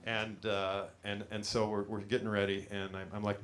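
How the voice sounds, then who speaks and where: A man's voice: lowish voice, level tone, normal speed, a bit bright, a little hiss or hum. A middle-aged man from California doing a stand-up comedy set, telling rambling self-deprecating stories full of fillers on a small studio stage.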